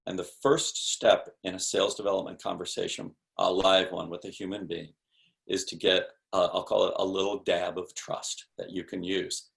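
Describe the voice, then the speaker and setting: A man's voice: deep voice, flat delivery, normal speed, creaky, fairly bright tone. A man speaking as a sales expert guest in a podcast interview, explaining in an emphatic, punchy coaching tone with rhetorical questions.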